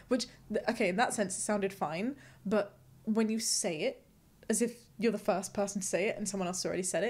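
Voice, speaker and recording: A woman's voice: medium pitch, quick pace, darkish tone. A young woman hosting a casual chat, bubbly and self-mocking, often breaking into giggles. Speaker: host.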